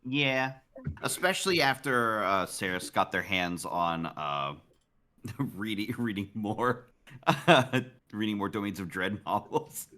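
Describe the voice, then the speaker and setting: A man's voice: fairly low pitch, expressive, takes it slowly, bright, forceful tone. A man chatting casually on a game stream, stammering over his words.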